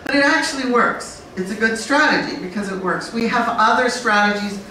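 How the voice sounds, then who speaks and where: A woman's voice: fairly high pitch, fairly quick. Woman teaching in an echoey hall. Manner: animated, blunt, acts out learners and babies. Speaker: conference panel speaker. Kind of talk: lively conference talk. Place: conference room. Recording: very echoey room from far off, faint noise.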